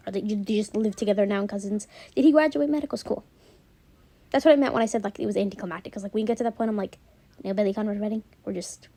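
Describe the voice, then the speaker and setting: A young woman chatting casually as a vlogger, gushing and animated as she recaps a show. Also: mid-range voice, creaky. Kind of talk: casual chat.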